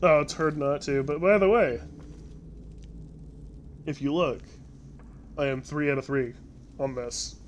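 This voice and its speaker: A man's voice: fairly high pitch, a little slow, pauses often, slight background noise. A man streaming a video game, chatting casually with a friend, laughing easily and often breaking off to restart a sentence. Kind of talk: casual gameplay chat. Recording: faint game music behind.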